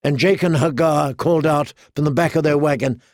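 In this scripted narration, a male audiobook narrator with a fairly high voice reads a novel in an even, measured storytelling style. The sound is studio quality, with no room sound at all.

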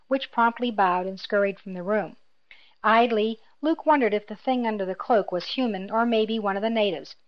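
A woman reading a novel aloud in scripted narration, measured and even, at a middling pitch. The recording sounds somewhat dull and lo-fi. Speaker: audiobook narrator.

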